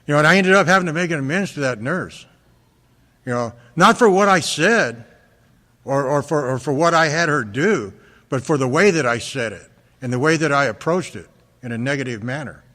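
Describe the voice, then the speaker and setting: A man's voice: medium pitch, lively intonation, fairly bright tone. Earnest man talking in an echoing hall. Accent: American. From Fresno, California. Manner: earnest, halting, with frequent restarts and repeated words. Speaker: recovery meeting speaker. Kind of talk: personal testimony talk. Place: large hall at a convention. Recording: reverberant hall recording.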